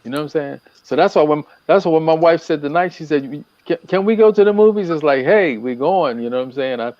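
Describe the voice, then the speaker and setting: A man guesting on a talk show as a relationship coach, hammering his points home by repeating them. His voice sits fairly high, and the recording is dry and dull. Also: brisk, dry recording. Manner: animated, preacherly, repeats phrases for emphasis. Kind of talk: casual talk-show chat.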